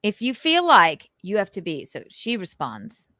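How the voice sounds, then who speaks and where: A woman's voice: medium pitch, wildly swooping pitch, a little slow, bright, forceful tone, dry recording. Woman host, transatlantic accent, enunciated and goofy, close and dry sound. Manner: crisp enunciation, goofy, theatrical outbursts. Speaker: show host. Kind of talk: casual rant reacting to online comments.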